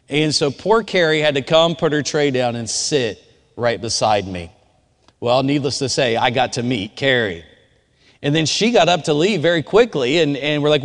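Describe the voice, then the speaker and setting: A man giving a relaxed, conversational sermon. He tells personal stories and talks directly to his audience. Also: fairly high pitch, moderate pace. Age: adult. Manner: informal, storytelling, speaks directly to the audience. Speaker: chapel speaker. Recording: long hall reverb.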